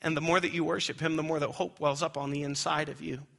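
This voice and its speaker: A young adult man preaching a sermon with animated storytelling that swings high when he gets excited. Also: quick pace, creaky. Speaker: pastor.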